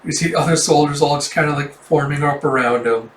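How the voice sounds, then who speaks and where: A man's voice: on the high side, fairly quick. A man casually retelling a manga volume, acting out the characters. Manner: animated, acts out every character. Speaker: manga reader. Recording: roomy, distant mic.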